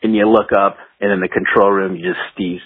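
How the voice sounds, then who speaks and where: A man's voice: sits low, level tone, fairly quick, breathy edge, dry recording. A man being interviewed as a guest guitarist, telling rambling studio stories in a casual way and laughing as he goes. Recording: tinny phone-like line, dry.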